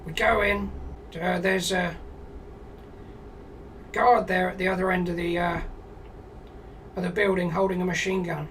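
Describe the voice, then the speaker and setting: A British man with a high, gravelly, bright voice spins a crude comic tale. He talks in a flat, deadpan way and swears freely. He sits a little back from the mic, and a faint hum runs underneath. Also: a little slow, long pauses, recorded from a distance, rough recording. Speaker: streamer telling a comic story. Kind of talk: rambling comic storytelling.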